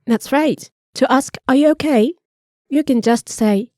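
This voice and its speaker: A woman co-hosts a language lesson in a slightly high, warm voice. She explains grammar patiently and models pronunciation slowly, recorded close and dry. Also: no room sound. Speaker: native-speaker co-host teaching Japanese. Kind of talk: scripted podcast lesson.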